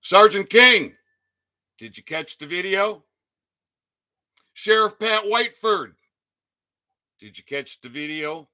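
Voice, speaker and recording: A man delivering an angry ranting monologue, swinging between shouting and low muttering, with heavy profanity. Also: lively intonation, slow pace, long pauses. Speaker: channel host.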